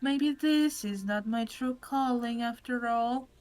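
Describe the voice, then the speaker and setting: A brooding, self-pitying troll girl who talks in a flat, mechanical drone, as a woman reads her lines aloud in a game playthrough, each word dragged out very slowly. Her voice sits a little high for a woman, and quiet music plays under it. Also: rough recording. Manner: slow flat robotic delivery. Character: gloomy sinister female troll influencer, self-pitying. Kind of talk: reading game dialogue aloud.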